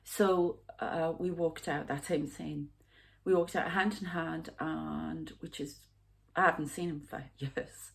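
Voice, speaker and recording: A woman in her fifties, a psychic medium talking through a rambling, halting spiritual vlog monologue with hushed asides. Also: low-pitched, fairly even intonation, creaky. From United Kingdom. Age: 50s.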